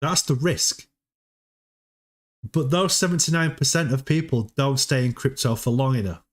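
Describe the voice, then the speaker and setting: A man's voice: medium pitch, moderate pace. A man hosting a casual livestream, chatty, often repeating words and laughing as he talks. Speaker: livestream host.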